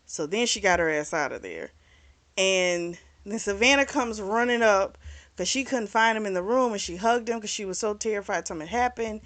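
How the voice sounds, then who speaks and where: A woman talks through a book she has been reading, loose and conversational, full of "you know" and "like." She slips in quick snatches of the characters' dialogue and the occasional mild swear as she goes. Her voice sits at an ordinary middle pitch. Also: lively intonation, a bit bright. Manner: chatty and informal, retells scenes by briefly acting out the characters' lines; mild swearing, frequent fillers. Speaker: book club host reviewing a novel. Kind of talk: casual book recap.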